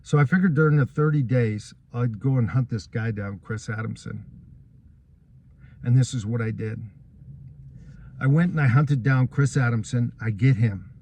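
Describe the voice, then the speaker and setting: An aggrieved man tells his own story straight to the listener, walking through each event in turn. His voice sits at an ordinary middle pitch, and he keeps an earnest, wronged tone throughout the account. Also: moderate pace, vocal fry, pauses often, dark tone, a little hiss or hum. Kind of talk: first-person account of a court case.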